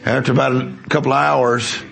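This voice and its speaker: A man's voice: medium pitch, level tone, brisk, gravelly, fairly bright tone, slight background noise. A man preaching a sermon, telling a story with emphasis and quizzing the congregation. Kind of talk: sermon with testimony.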